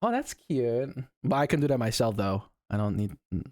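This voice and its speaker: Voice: mid-range voice, big pitch swings, normal speed, no room sound, studio quality. A VTuber streamer chatting casually on a live stream, laughing a lot and swearing often. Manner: giggly, swears often, reacts out loud.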